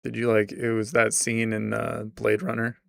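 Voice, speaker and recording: Gravelly guy rambling on a livestream, keeps trailing off, dry close sound. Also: fairly low pitch, completely flat delivery, normal speed, no room sound. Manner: rambling, restarts, trails off into quiet mumbles. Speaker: streamer. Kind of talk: casual livestream chat.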